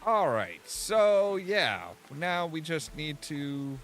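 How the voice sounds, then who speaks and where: A man's voice: a little high, big pitch swings, drawn-out words, a bit bright. A man casually commenting on his own gameplay, thinking aloud, trailing off and restarting as he goes. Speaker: gameplay streamer. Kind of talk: casual let's-play commentary. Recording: faint game music behind.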